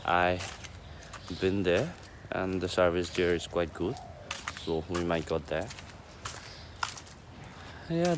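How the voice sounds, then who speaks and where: A young man talking to his vlog camera while walking across an open campus ground, in short, halting, earnest phrases. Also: sits low, background noise. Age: young adult. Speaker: vlogger. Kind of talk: casual vlog chat. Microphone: handheld camera while walking. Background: outdoor ambience with birds.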